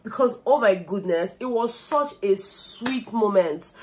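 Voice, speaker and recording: Speaking at a medium pitch and a slightly slow pace, this young vlogger with a Nigerian accent dishes animated gossip about a reality show. She slips into Pidgin slang as she goes.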